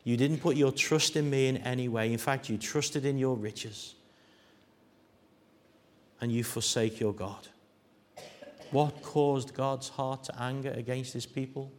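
A man preaching a sermon at a middle pitch. He swings between hushed, grave lines and loud, ringing quotes that he acts out. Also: steady tone, measured pace, pauses often. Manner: dramatic shifts from hushed to loud, acting out quoted voices.

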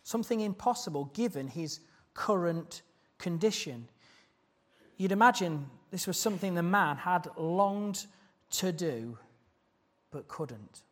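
A man's voice: high-pitched, expressive, unhurried, long pauses. A man preaching a sermon, earnest and putting questions to the congregation.

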